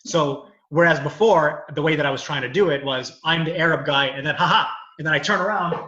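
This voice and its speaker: Bright-voiced man in an echoey room. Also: on the high side, fairly quick. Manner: thoughtful, explains at length. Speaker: comedian, lawyer and actor. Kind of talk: casual video chat. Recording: echoey, dull lo-fi video call.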